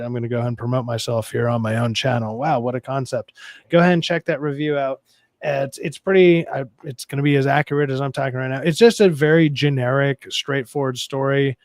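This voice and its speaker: A man with a low, raspy voice in a casual podcast chat, rambling and swearing through a movie review. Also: no echo, studio quality. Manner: profane, rambling, wry.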